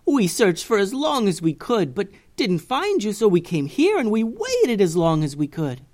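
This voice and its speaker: A man voicing a tender middle-aged aunt in a read-aloud story, speaking softly. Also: sits high, wildly swooping pitch, normal speed, voice pushed up. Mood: tearful relief.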